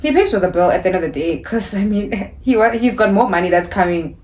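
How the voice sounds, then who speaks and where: A young woman from South Africa tells a storytime vlog in an animated, indignant way. She acts out what the other people said as she goes. Her voice sits at an ordinary middle pitch. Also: fast talker, slight background noise. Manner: animated, indignant retelling with quoted dialogue. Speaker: vlogger.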